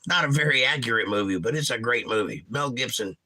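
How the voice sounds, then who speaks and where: A middle-aged man hosts a relaxed livestream, reading out viewer comments and riffing on them with dry jokes. His voice is very bright and forward, sitting at an ordinary pitch for a man. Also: fast talker. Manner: jokey, reads viewer comments aloud and riffs on them. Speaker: livestream host reading chat. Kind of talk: casual livestream chat.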